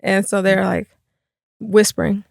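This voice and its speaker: Woman co-host, really gravelly voice, chuckles a lot telling stories about her kids. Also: medium pitch, flat delivery, a little slow, dry recording, studio quality. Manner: laughs often, acting out quoted voices in her stories. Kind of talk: casual chat.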